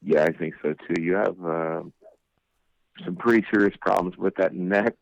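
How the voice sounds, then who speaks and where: A man's voice: sits low, steady tone, moderate pace, gravelly, dry recording. Teasing man on a dull lo-fi line. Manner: teasing, crude jokes. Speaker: co-host. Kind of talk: casual radio chat.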